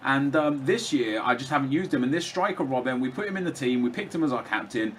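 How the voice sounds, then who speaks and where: A man's voice: mid-range voice, expressive, fast talker, a little hiss or hum. A young man rambling through casual commentary over his own gameplay, chatty, with lots of fillers and restarts. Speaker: gaming commentator.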